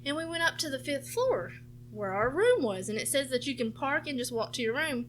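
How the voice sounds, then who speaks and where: Kobieta, 30+, południowy akcent amerykański, ostra jasna barwa, swobodna gawęda podcastowa. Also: female voice, high-pitched, a little fast, soft background music. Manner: animated, swears freely, acts out family members' lines. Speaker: podcast co-host. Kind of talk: casual storytelling chat.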